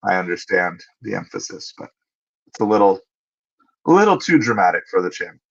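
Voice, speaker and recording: A man with a fairly low voice hosts a relaxed livestream, talking straight to his viewers and answering their questions. He thinks out loud and pauses with fillers while he checks things. The audio is a little dull and lo-fi. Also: creaky. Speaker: livestream host.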